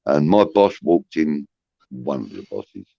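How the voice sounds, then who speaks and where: A man's voice: a bass voice, sing-song, measured pace, creaky, mellow, husky, no room sound, muffled recording. A man hosting a casual livestream, rambling with many restarts and swearing, reading out chat comments. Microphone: phone.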